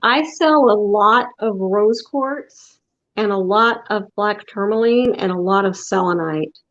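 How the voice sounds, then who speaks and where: A woman's voice: mid-range voice, measured pace. A woman who owns a metaphysical shop, talking as a guest in a casual interview, explaining things patiently and laughing easily. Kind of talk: casual interview over a video call. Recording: dull lo-fi call audio.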